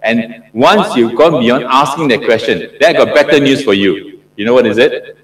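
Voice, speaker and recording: A man's voice: medium pitch, normal speed, far from the mic. Man lecturing in a roomy hall. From Singapore. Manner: questions the audience often, repeats himself, emphatic. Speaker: professor lecturing on PhD supervision. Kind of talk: interactive classroom lecture.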